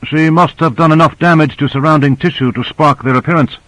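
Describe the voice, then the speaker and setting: A man doing a measured male scientist. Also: fairly high pitch, steady tone, a bit bright, dry recording, voice pushed up, lightly acted, poor audio. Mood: explaining. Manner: measured, explanatory. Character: calm, knowledgeable male scientist explaining.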